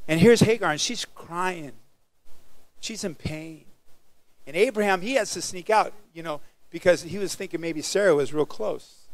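A male pastor preaching a sermon, animated and calling out to the congregation for responses. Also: high-pitched, normal speed.

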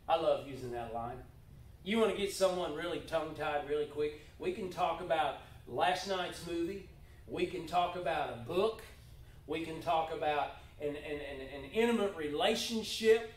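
Folksy pastor guy preaching, pretty high voice, kinda far from the mic in a big echoey church. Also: unhurried. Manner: folksy, animated, jokey asides, repeats words. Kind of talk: sermon. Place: church sanctuary.

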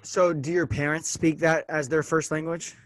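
An American podcast host with a slightly high, fairly bright voice talks at a moderate pace with a level tone and no room sound. In casual conversation, he asks questions in a curious, rambling way, full of fillers.

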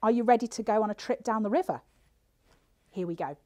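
A female librarian leading a children's singalong storytime, speaking expressively with gasps and exaggerated reactions for young viewers. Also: on the high side. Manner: gasping, expressive, slow and theatrical for little kids.

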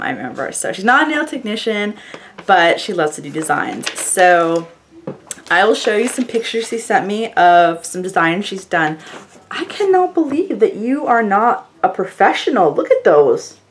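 Woman vlogger, chatty and effusive, very animated pitch. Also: moderate pace, slight background noise. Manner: gushing, effusive; chatty, rambling with fillers. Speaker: beauty vlogger opening fan mail. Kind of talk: casual chat to camera.

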